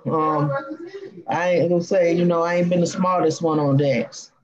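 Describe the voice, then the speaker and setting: A woman with a Cajun accent hosting a casual live stream, rambling in a folksy way with drawn-out fillers. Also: fairly low pitch, steady tone, muffled recording, a crowd in the background. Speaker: live-stream host reading cards.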